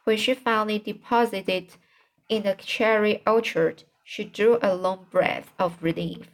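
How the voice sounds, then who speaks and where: A woman's voice: mid-range voice, a little slow. Woman reading a classic novel aloud. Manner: steady reading with occasional slips and restarts. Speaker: audiobook reader. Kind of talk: amateur audiobook reading.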